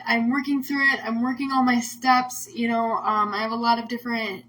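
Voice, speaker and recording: A woman's voice: a little high, level tone, a little fast, a bit bright, rough recording. A woman host talking casually on a livestream, emotional and rambling, full of "like" fillers. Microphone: phone or webcam on a livestream.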